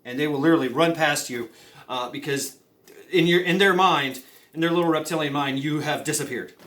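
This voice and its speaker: A man's voice: a little high, a little fast. A man giving mock-serious survival advice in a rambling comedy monologue, full of fillers and stammered restarts. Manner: rambling, with many fillers, stammered restarts and deadpan conspiracy talk. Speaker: comedy vlogger.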